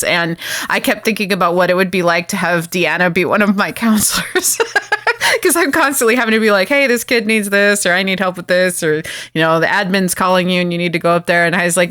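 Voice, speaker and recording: A woman's voice: mid-range voice, bright, forceful tone, no echo, clean studio sound. A woman co-hosting a podcast in casual chat, talkative and laughing often. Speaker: podcast co-host.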